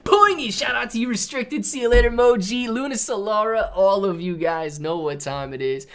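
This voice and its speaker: A man's voice: high voice, a bit bright. A man hosting a casual livestream, thanking viewers by name and reading their chat messages aloud in playful put-on voices. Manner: jokey, drawn-out teasing delivery. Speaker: livestream host.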